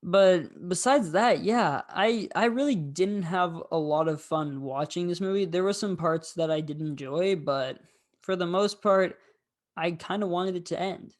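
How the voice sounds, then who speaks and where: A man's voice: high-pitched, unhurried. A man hosting a casual film review, talking in a rambling, candid way with frequent fillers.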